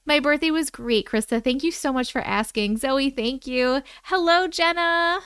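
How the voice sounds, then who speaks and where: A woman hosting a casual livestream at home from her computer, greeting viewers one by one by name, sounding low on energy. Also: normal speed, fairly bright tone, no room sound, studio quality. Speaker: livestream host.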